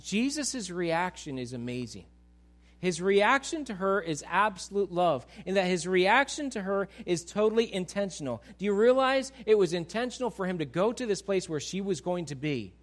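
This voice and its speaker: High-voiced pastor preaching conversationally. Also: male voice, normal speed. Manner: animated, repeats words when restarting. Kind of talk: conversational sermon.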